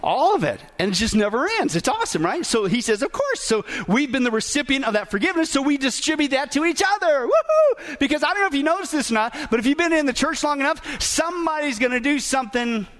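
A man's voice: very high voice, lively intonation, quick pace, few pauses, fairly bright tone. A man preaching a sermon as pastor, emphatic, asking the congregation rhetorical questions.

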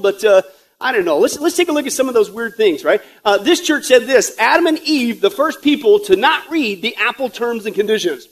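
A man's voice: extremely high pitch, a bit bright. A man preaching a sermon as pastor, joking and conversational with rhetorical asides, and growing emphatic and urgent.

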